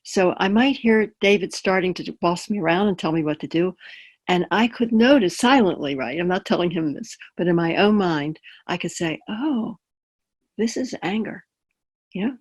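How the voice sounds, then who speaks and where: A woman's voice: on the low side, moderate pace. A woman palliative care chaplain giving a webinar talk in a conversational way, using personal examples and often checking in with her listeners.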